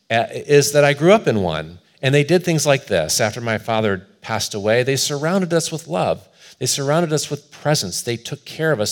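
A pastor with a mid-range voice preaches a sermon, earnestly sharing a personal story. His volume swells and then falls to a hush.

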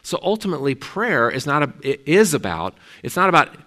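Bright-voiced man preaching a sermon. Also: a little high, very animated, brisk. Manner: conversational, storytelling. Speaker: pastor.

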